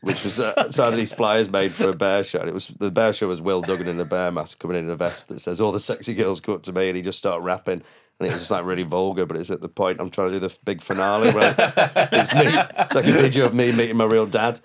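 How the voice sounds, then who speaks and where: This deep-voiced comic speaks quickly and evenly, with barely a pause, while telling wandering stories on a podcast. He laughs at his own tales a lot and imitates others in a raised, mocking tone.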